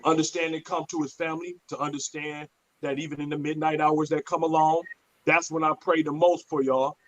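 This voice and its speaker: A man's voice: a little high, rough recording. A man, telling stories bluntly and profanely in a casual podcast chat. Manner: blunt, profane, animated storyteller.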